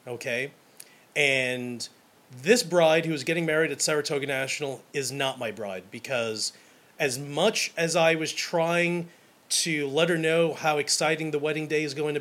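An energetic young man telling stories in a casual monologue. His voice sits a little high and bubbles with enthusiasm, often tripping over itself and restarting as he talks. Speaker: wedding photographer.

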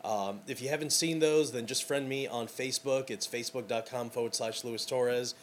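A man's voice: medium pitch, fairly even intonation, normal speed, a little hiss or hum. A man hosting a casual podcast as a wedding photographer, talking in an enthusiastic, rambling way with lots of fillers.

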